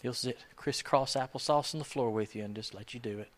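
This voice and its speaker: A man preaching a sermon in a conversational, emphatic way, swinging from soft asides to loud urgency. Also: medium pitch, brisk. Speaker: pastor.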